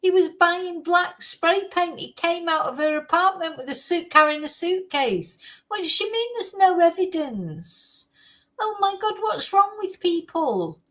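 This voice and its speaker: A woman's voice: very high-pitched, lively intonation, measured pace, fairly bright tone, rough recording. A woman hosting a true crime chat, ranting indignantly and swearing freely as she talks from her computer at home. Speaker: true crime channel host. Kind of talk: casual chat.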